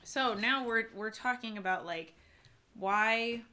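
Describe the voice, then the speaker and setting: A woman's voice: fairly high pitch, slow pace, pushed and bright. A young woman hosting a live stream, talking casually and rambling with fillers and restarts. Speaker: vlogger and live-stream host.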